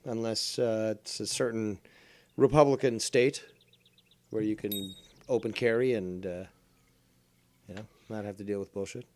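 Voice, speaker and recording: A man's voice: on the low side, steady tone, unhurried, pauses often, darkish tone. Blunt swearing man chatting on stream. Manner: blunt, swearing, rambling with fillers. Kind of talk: casual chat on a stream.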